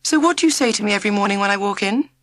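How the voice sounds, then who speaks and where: A woman voicing a quirky modern witch who teaches a school class, in a quiet but firm, brisk storybook voice. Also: medium pitch, no room sound, voice pushed up, lightly acted.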